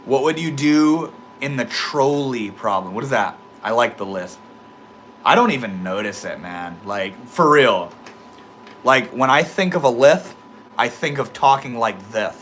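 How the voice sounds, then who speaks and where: Reading chat on his livestream, a laid-back young man with a slight lisp speaks in an animated, unhurried way, swearing freely. His mid-range voice is a bit bright, and there's a little hiss or hum.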